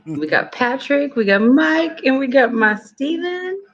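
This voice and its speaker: A guest chatting casually on a video call, telling stories in an animated way. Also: sits high, measured pace, crowd noise. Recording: dull lo-fi call audio.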